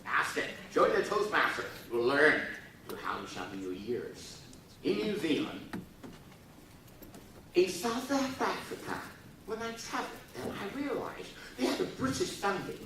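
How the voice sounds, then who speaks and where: Animated man lecturing in an echoey hall. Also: sits high, measured pace, far from the mic, a little hiss or hum. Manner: animated, acts out dialogues in funny voices; coaxes the audience to laugh and repeat. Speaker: forum speaker. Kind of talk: humorous lecture to students.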